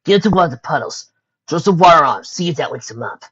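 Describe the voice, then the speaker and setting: Dude doing a tough hotheaded mare, growly, loud and bossy, kinda muffled. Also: mid-range voice, expressive, fast talker, slightly rough, pitched above the performer's own voice. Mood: urgent. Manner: growling, commanding. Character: fierce female pony prisoner, hot-tempered.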